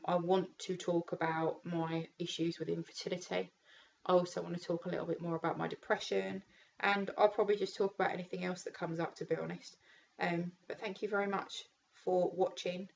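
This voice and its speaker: A woman's voice: fairly low pitch, vocal fry, highs cut off, slight background noise. A British woman and mum vlogging candidly, tearful and raw, talking frankly with lots of fillers and some swearing. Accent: British English. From United Kingdom. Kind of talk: candid casual vlog.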